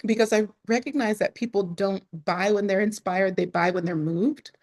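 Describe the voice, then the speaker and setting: A woman's voice: medium pitch, steady tone, normal speed, a little mellow. A woman speaking to camera in a casual vlog about her online business, chatty, with frequent laughs and restarts.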